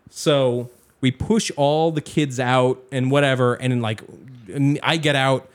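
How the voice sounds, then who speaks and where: A young man telling a story in casual chat, animated and swearing often, acting out other people's lines. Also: mid-range voice, measured pace.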